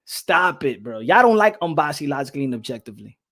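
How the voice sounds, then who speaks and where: A young man hosting a boxing channel livestream in casual chat, animated, repeating himself and laughing often, slipping into Spanish. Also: a little high, fast talker.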